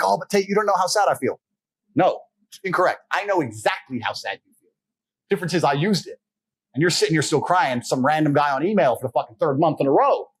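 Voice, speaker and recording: A man's voice: fairly high pitch, slightly rough. A man giving a blunt, profane motivational monologue, lecturing the listener directly and confrontationally.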